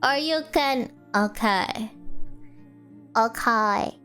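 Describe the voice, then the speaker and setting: A woman's voice: on the high side, extremely slow, sharp tone. A woman streamer with a sore throat, chatting casually and playfully, laughing often and asking many questions. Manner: playful, giggly, asks lots of questions. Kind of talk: casual chat with chat. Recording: faint music behind.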